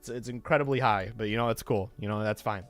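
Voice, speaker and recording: A man's voice: on the low side, fast, fairly bright tone, faint music behind. A man streaming a game and chatting casually, breaking into heated, swearing rants. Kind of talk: casual gameplay commentary.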